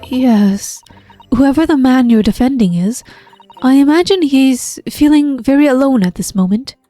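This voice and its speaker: A woman reading as a composed young female assistant, gentle and polite. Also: high voice, lively intonation, a little slow, faint music behind, pitched above the performer's own voice.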